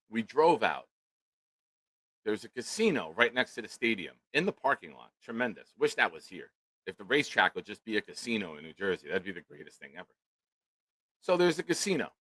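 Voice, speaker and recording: A middle-aged man, a co-host telling a profane, comedic story in loud, animated rants. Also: medium pitch, dry recording, rough recording. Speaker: podcast co-host.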